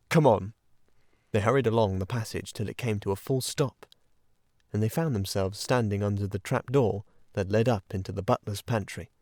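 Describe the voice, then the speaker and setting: Male audiobook narrator, low pitch, dry booth sound, expressive classic storytelling. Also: no room sound.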